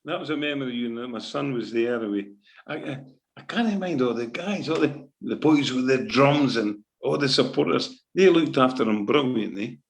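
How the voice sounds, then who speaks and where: A middle-aged man with a Scottish accent speaks in an emotional, animated interview. His voice is gravelly, and he keeps circling back with "right?" and "eh?" as he tells his stories. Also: mid-range voice, normal speed, rough recording. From Scotland. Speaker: football manager.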